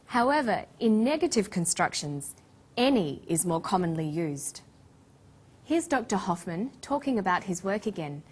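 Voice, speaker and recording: A woman narrates an English lesson in a slow, measured voice. Her delivery is scripted and carefully clear, pitched at a middle height and paced for learners to follow. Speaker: English teacher.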